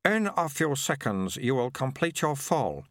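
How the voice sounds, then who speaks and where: A man voicing a brisk, dry-witted male monk who recruits a youth, speaking in a sardonic way. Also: medium pitch, sing-song, dry recording, pitched above the performer's own voice.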